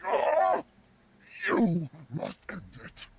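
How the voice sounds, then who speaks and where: An actress voicing a cursed female elf who is turning into a werewolf, pleading through pain in a strained, gravelly voice. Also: high-pitched, sing-song, drawn-out words, a little hiss or hum, exaggerated voice. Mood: anguished pleading. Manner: pleading, anguished.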